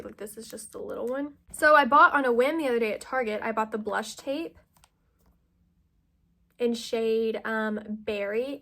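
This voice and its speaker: A woman's voice: a little high, fairly bright tone. A young woman from the United States chatting casually through a makeup tutorial at home, full of fillers and self-deprecating asides. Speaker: vlogger.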